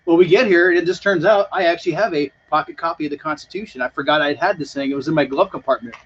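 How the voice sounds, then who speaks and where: A man co-hosting a homebrewing live stream outdoors, telling stories in quick, easygoing casual chat. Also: fairly high pitch, lo-fi sound. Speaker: homebrew show co-host. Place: front porch patio, outdoors.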